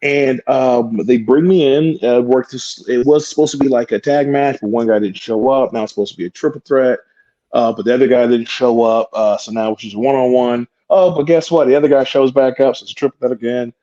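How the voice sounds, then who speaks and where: A man's voice: medium pitch, brisk, lo-fi sound. A man, a wrestler guest on a podcast, telling a story with lots of profanity and acting out the quotes. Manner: profane, animated, acts out quotes. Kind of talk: animated storytelling.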